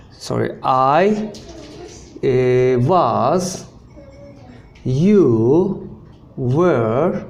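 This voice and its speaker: A man teaching an English grammar lesson, slowly repeating example sentences and often checking in with "okay?". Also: fairly high pitch, vocal fry, darkish tone, slight background noise. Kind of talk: language lesson.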